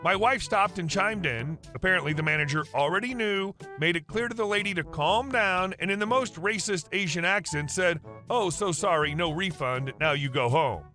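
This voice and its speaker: A man narrating reddit stories in a brisk, even, scripted read. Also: high-pitched, faint music behind.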